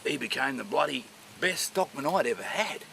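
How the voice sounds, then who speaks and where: Man playing a sweary Aussie stockman boss, bright, lively delivery. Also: mid-range voice, a little hiss or hum, exaggerated voice. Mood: blunt. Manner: gruff, sweary, quick. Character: rough rural Australian cattle boss, blunt, swearing. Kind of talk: mockumentary interview acting.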